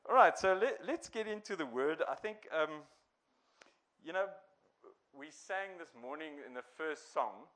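A man's voice: on the high side, fairly bright tone, rough recording. Chatty man preaching. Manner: conversational, chuckles and restarts. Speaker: pastor. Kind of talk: sermon.

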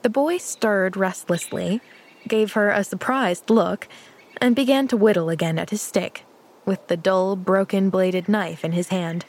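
A woman narrating a children's classic as an audiobook, with gentle, measured storytelling. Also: medium pitch.

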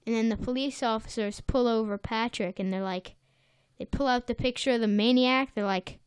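A woman's voice: fairly high pitch, steady tone, normal speed, clear, resonant tone, dry recording, clean studio sound. A woman in casual chat, animatedly retelling a cartoon episode and slipping into character voices.

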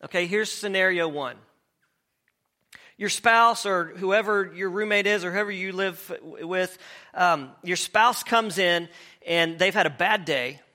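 A man preaching with a high, bright voice that sits well above most men's. He talks conversationally, restarting phrases and asking the room questions. It sounds like a pastor working through a message. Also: a little slow. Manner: conversational, asks the congregation questions, repeats words as he goes. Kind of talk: sermon.

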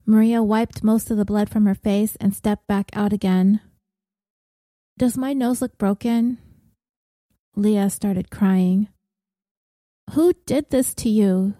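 A woman narrating fiction in a measured, even way. Her voice is mellow and dark, the pace slow, and the recording close and dry with no room sound. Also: medium pitch, no room sound. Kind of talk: audiobook narration.

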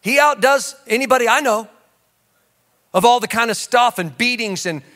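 A man preaching a sermon as pastor, animated, swinging from shouts to low asides and calling out to the congregation. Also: moderate pace. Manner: conversational storytelling with audience call-outs.

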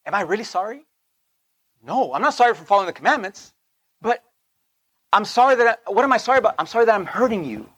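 A man's voice: high-pitched, expressive, fast, pauses often, fairly bright tone, slightly rough, dry recording. A man giving an informal sermon in a conversational way, dropping to whispers for asides and rising for emphasis, often checking in with his listeners. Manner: keeps checking in with the audience. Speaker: preacher.

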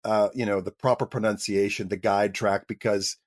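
Man telling an animated anecdote. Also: lowish voice, normal speed. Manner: animated storyteller acting out dialogue. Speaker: actor guest. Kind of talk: interview anecdote.

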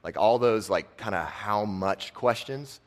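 Man, lowish voice, relaxed sermon, chatty fillers, hushed emphasis. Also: measured pace. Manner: casual and conversational, many fillers, drops soft on key lines. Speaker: preacher and football coach.

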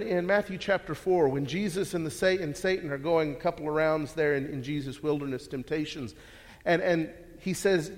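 A man preaching a sermon, earnest and full of rhetorical questions, often repeating words as he restarts. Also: high voice. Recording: long hall reverb.

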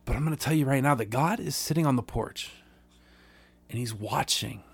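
A man's voice: medium pitch, moderate pace, vocal fry, slightly rough. A man reading a Bible parable aloud, then speaking earnestly about it in a conversational devotional podcast sermon, with frequent restarts. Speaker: podcast preacher.

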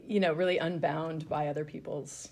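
Reflective woman with a low voice. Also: fairly even intonation, normal speed, darkish tone. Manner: reflective, musing, trailing phrases. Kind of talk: reflective conversational Bible discussion.

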